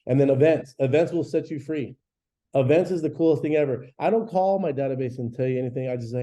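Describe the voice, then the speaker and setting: A man in his forties, a real estate agent teaching a class in an energetic, chatty way, often acting out phone calls. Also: mid-range voice, fast. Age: 40s. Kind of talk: live training class talk. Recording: dull lo-fi recording.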